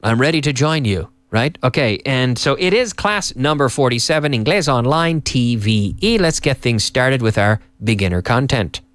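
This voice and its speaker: A man hosting a live lesson, upbeat and teacherly, repeating phrases slowly for learners. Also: medium pitch, animated, a bit bright. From Canada. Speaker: English teacher and host. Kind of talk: live-streamed English lesson.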